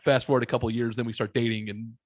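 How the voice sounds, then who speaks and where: A man from the United States, a podcast guest, telling casual stories in a blunt, heavily swearing, animated way. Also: mid-range voice, racing, no echo. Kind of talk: casual storytelling chat.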